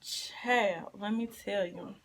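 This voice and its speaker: A woman's voice: mid-range voice, a little hiss or hum. A woman, chatting casually in a pregnancy update and eating vlog, her nose stuffy and running. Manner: chatty and expressive, drawn-out repetitions. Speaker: vlogger.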